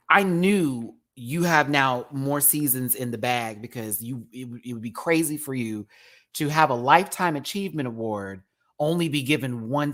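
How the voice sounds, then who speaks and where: A man's voice: fairly high pitch, a bit bright. A man from Texas giving a sassy, casual commentary on a drag competition, full of drag slang. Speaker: drag show reviewer.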